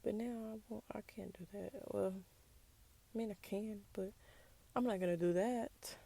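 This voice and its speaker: Young woman hosting a casual solo podcast, sassy and candid, with a touch of fry in the voice. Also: mid-range voice, moderate pace, dark tone. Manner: candid, sassy, drops into whispers for asides. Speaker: podcast host. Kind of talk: casual personal monologue.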